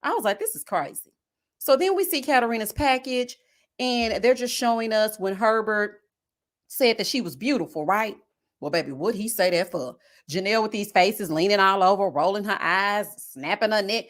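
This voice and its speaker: A young woman speaks at medium pitch and a moderate pace while hosting a casual live reality-show recap for her review channel. Her delivery is animated and sassy, and she throws plenty of shade with slang asides.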